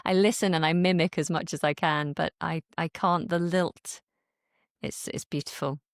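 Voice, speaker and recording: A woman from Britain talks as a guest on a podcast, her voice on the lower side and recorded dry and close. She explains with animated energy and acts out people's reactions. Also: moderate pace, dry recording. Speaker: English teacher and guest. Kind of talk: podcast conversation. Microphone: studio podcast mic.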